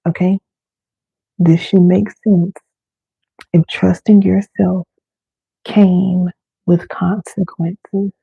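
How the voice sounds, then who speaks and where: A woman with a husky, gravelly voice leads a slow, soothing live self-help session. The sound is thin and phone-like, and the room is dry with no echo. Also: on the low side, flat delivery, warm tone. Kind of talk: live-streamed guided wellness talk.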